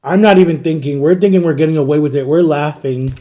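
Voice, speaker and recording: High-voiced man telling a story. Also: fast talker, highs cut off. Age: 30s. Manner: animated, acts out the people in his stories. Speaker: storytime vlogger. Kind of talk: casual storytelling.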